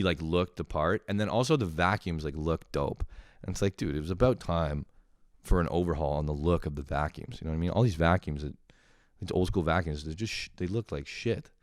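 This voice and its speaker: A young man doing a profane, sarcastic comic rant, animated and full of swearing. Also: rumbling low, normal speed, no room sound, studio quality. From lives in Montreal. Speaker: comedian ranting to camera.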